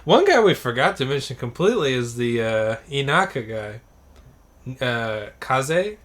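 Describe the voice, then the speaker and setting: A young man co-hosting a casual podcast chat, joking and acting out characters in quick bursts. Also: mid-range voice, very animated, fairly bright tone. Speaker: podcast co-host.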